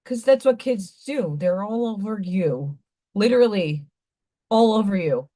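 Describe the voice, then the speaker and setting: A woman's voice: medium pitch, lively intonation, unhurried, warm tone. A woman hosting a live stream, telling stories in a rambling, candid, blunt way. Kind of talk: casual chat.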